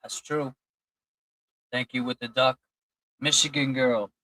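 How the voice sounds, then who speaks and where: A man's voice: mid-range voice, steady tone, slow pace, sharp tone, no echo, rough recording. A man hosting a casual livestream, reading out and thanking chat donors in a loose, chatty way. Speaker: livestream host.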